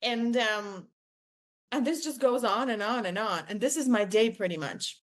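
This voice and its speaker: Speaking at a moderate pace with a voice on the high side, a young woman shares a personal story on the podcast she hosts. She gushes, leans heavily on "like," and acts out quotes.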